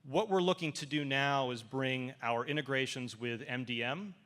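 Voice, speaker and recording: Bright-voiced man pitching at a conference. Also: moderate pace. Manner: enthusiastic, sales-pitch delivery. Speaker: partner company presenter. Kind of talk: conference presentation. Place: large conference hall. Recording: long reverb of a conference hall.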